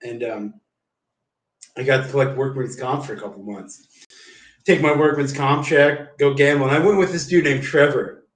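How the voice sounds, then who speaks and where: A man's voice: mid-range voice, normal speed. A man livestreaming, telling rambling stories in a casual, profane, slangy way and saying "dude" a lot. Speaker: live streamer. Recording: roomy, distant mic.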